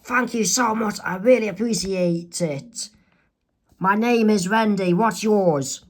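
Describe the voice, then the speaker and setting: A man's voice: sits high, fairly even intonation, slow, a bit bright. A man reading out a friendly, polite teenage girl in a comic reading. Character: Wendy, friendly teen girl.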